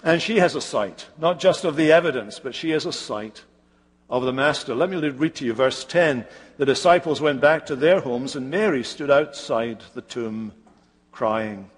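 A man preaching a sermon, retelling a scripture story slowly and dramatically with pauses. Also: medium pitch, big-room sound.

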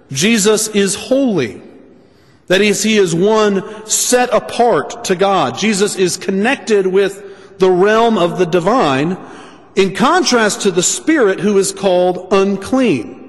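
A man preaching a sermon, speaking deliberately and restating his points for emphasis. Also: high-pitched, animated, long reverb tail.

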